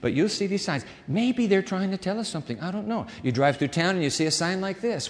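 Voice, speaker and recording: Male pastor preaching in a high-pitched, dramatic voice, recorded with long church-hall reverb. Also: a little fast, few pauses. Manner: animated, dramatic delivery with shifting volume. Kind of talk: sermon.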